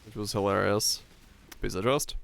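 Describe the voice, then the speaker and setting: Low-voiced, laid-back streamer man. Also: steady tone, normal speed, creaky, fairly bright tone. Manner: rambling, laughing storytelling with many fillers. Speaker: game streamer. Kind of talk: casual chat while gaming.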